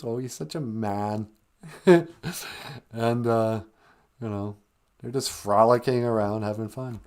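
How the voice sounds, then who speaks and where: A man's voice: on the low side, steady tone, takes it slowly, long pauses, darkish tone. A man hosting a live stream, telling a comic story in a casual, rambling, joking way.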